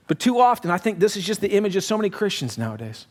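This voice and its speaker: A man delivers a sermon with a fairly high voice. He preaches in an animated, conversational way, acting out quoted voices and swinging between loud emphasis and quiet, low lines. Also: fast, few pauses. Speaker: pastor.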